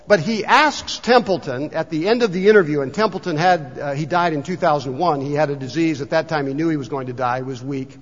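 A man, a pastor, delivering a sermon and telling a story, slowing down when he reads passages aloud. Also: on the high side. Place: church sanctuary. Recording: long hall reverb, dull lo-fi sound.

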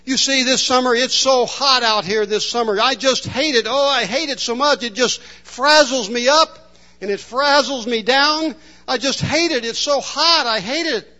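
Whiny grumbling customer in a sermon story, high and drawn out, on a dull recording, put on by a male preacher. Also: sharp tone. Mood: whining. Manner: drawn-out whining lament. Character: whiny complaining older man customer.

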